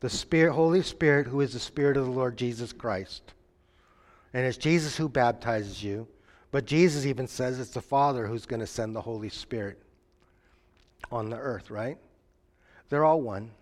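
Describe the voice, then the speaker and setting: With long pauses at a normal speed, a man in a mid-range voice delivers a sermon that draws the audience in, asking questions and inviting them to call out answers. He also tells stories using acted-out voices, and the sound carries a long hall reverb.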